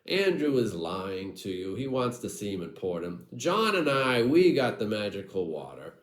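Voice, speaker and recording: A man playing a scheming older prince who lies smoothly and calmly. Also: lowish voice, a little slow, roomy sound. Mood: sly.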